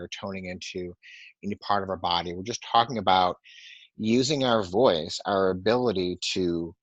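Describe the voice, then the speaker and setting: Speaking low and softly, a man leads a breathing and toning meditation, counting each breath slowly in calm guidance. He's a meditation and sound healing teacher, captured through a webinar mic as dry, muffled audio.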